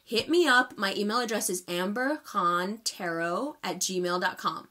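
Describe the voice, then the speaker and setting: In a direct-to-camera monthly tarot reading, a woman in her thirties takes an unhurried pace. Her medium-pitched voice sounds bright and forceful, and she addresses viewers with emphatic, heartfelt directness.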